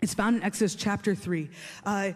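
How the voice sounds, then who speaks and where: A man's voice: sits high, a little fast. A man preaching a sermon in a conversational, emphatic way, often repeating his phrases for stress. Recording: long reverb of a large hall.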